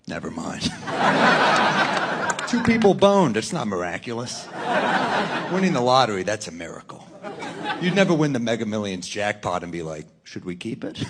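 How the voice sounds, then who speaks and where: A man in his thirties doing a stand-up set with dry, deadpan one-liners on a handheld stage mic. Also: lowish voice, heavy background noise. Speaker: stand-up comedian.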